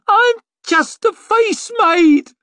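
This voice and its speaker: A man's voice: extremely high pitch, drawn-out words, sharp tone, no echo, studio quality, voice pushed up, exaggerated voice. A man voicing a snobbish young ladies' maid who shrieks, pleads and cries in terror. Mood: terrified.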